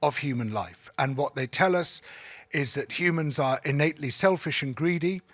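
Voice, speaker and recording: A male author explaining the ideas in his book at a panel debate, measured, articulate and emphatic. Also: fairly high pitch, a bit bright. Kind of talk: unscripted panel discussion.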